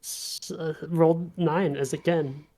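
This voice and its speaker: Female player: halting, stammering, low and unhurried. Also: fairly even intonation, dark tone. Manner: hesitant, stammering, laughing. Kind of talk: casual play at a tabletop game.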